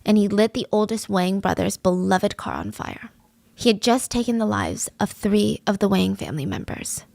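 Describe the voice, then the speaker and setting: Gravelly-voiced woman telling a crime story. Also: mid-range voice, big pitch swings, moderate pace, darkish tone, dry recording. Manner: conversational, with casual fillers. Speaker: true-crime podcast host. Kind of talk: casual true-crime storytelling.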